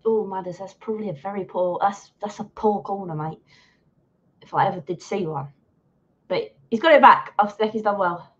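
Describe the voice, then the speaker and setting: A woman hosting a live watch-along of a match, excitable and swearing as she heckles the players and the referee. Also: mid-range voice, moderate pace. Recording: dull lo-fi sound.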